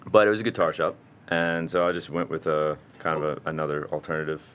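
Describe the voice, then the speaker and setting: A man's voice: a bass voice, fast talker, fairly bright tone. A young man talking casually and rambling about his mural work, with frequent swearing and laughs. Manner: laid-back, rambling, swears and laughs often. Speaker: muralist guest. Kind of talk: casual chat.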